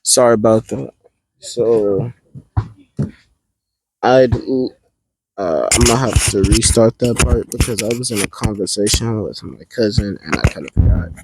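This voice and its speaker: A man's voice: on the low side, unhurried, pauses often, a little mellow, slightly rough, poor audio. A man telling an improvised fan story aloud, rambling along and stopping to restart parts.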